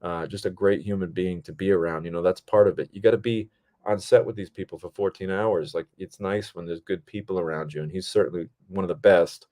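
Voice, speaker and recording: A man, a film director hosting his own podcast, telling behind-the-scenes stories in a casual, animated and profane way. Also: low voice, fairly quick. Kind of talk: casual storytelling.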